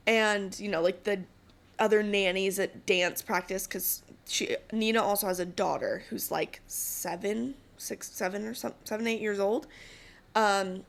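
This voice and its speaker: Chatty woman podcast host recapping a show. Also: medium pitch. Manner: chatty and gossipy, with many fillers.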